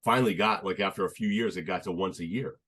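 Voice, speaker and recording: A young man chatting as a podcast guest, telling his story in an earnest, halting way with many restarts. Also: low voice, fairly even intonation, a bit bright, slightly rough. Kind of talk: casual conversational storytelling.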